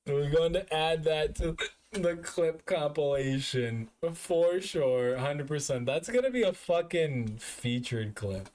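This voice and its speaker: A man's voice: a little high, lively intonation, slow, a little mellow. A man streaming as a VTuber, drunk and hiccuping, talking in a rambling, profane, self-mocking way. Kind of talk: casual live-stream chat.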